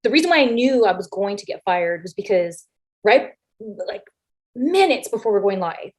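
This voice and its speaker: Woman spinning backstage stories, lively, acts out everyone's lines, mid pitch, swears a bit. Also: moderate pace. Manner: animated, acts out quoted lines with big voice shifts; frank, swears casually. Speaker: interview guest, former wrestler. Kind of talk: casual storytelling anecdotes.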